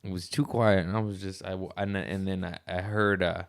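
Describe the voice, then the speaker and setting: A laid-back man tells stories in a casual podcast chat, slangy and quick to laugh. His voice is low and smooth, with a clean, resonant tone. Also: level tone. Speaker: podcast host.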